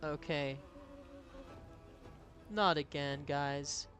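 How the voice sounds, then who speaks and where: Chatty streamer guy, somewhat high voice. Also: drawn-out words, a bit bright, soft background music. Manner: chatty, laughs often, reads viewer messages aloud. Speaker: game streamer. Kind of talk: casual live-stream chat over gameplay.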